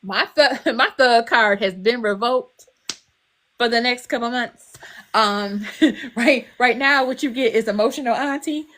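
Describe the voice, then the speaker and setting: A woman's voice: on the high side, a little slow, a bit bright. A woman guest author chatting on a podcast, emotional and candid, laughing often and swearing freely. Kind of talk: casual podcast chat.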